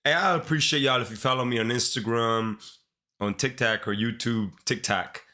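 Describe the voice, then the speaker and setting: A livestreamer with a Caribbean accent chats in relaxed slang straight to viewers while coding. His medium-pitched voice moves at normal speed and sounds pushed and bright.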